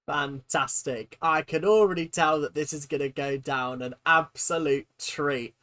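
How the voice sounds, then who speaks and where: A person hosting a comedic reaction video, incredulous and exaggerated, jumping between loud outbursts and low mutters, laughing and swearing casually. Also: measured pace. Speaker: reaction channel host.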